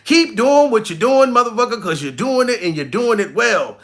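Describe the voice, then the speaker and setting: A man, a comedian, telling a profane, animated story in a vlog, laughing often. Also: very high voice, moderate pace. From New York.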